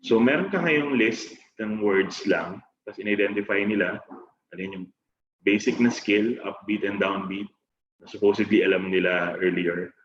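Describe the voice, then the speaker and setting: Man, Filipino accent, music lesson, low voice, dull lo-fi roomy recording. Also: normal speed. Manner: explains step by step, chants and sings example words. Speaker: music teacher trainer. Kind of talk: teaching a music lesson, Tagalog-English mix. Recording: roomy, dull lo-fi sound with faint noise.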